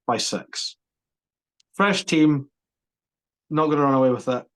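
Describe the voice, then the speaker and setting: A man co-hosting a podcast, chatting about sport in an animated, emphatic way with quick restarts. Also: medium pitch. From Scotland. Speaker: podcast co-host. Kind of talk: casual sports chat.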